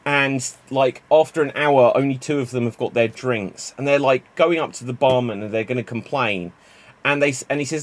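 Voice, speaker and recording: A man hosting an online improv comedy show, telling quick joke setups and calling on players with a laugh. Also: mid-range voice. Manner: chatty, laughs at jokes, quick to move on.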